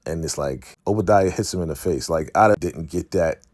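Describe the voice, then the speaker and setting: A man giving a casual recap of a TV episode, retelling scenes in an animated way and briefly acting out characters' lines. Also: sits low, moderate pace, dry recording, clean studio sound. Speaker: TV recap host.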